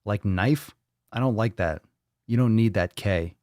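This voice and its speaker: A man's voice: fairly low pitch, a little slow, a little mellow, no room sound, clean studio sound. A man hosting a fitness live stream in casual chat, rambling and joking, with a lot of swearing. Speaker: fitness livestream host.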